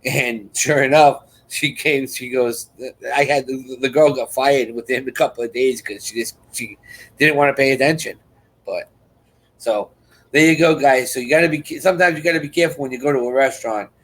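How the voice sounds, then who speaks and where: A man with a mid-range, fairly bright voice speaks at a moderate pace over poor audio while hosting a live chat. Rambling and repeating himself, he restarts sentences and acts out others' lines in quoted voices.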